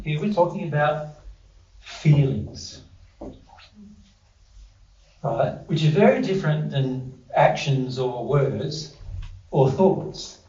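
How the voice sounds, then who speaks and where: A man's voice: on the high side, dark tone. Man teaching a group in an echoey room. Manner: conversational, quizzes the audience, self-deprecating asides. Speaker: workshop presenter. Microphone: distant room mic. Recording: roomy, distant, dull lo-fi audio.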